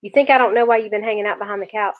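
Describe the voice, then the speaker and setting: A woman's voice: mid-range voice, steady tone, rapid-fire, lightly acted. A blunt, scolding older teen brother who is protective underneath, as a woman reading aloud puts him on. Her voice sits mid-range, and the recording is dull and lo-fi.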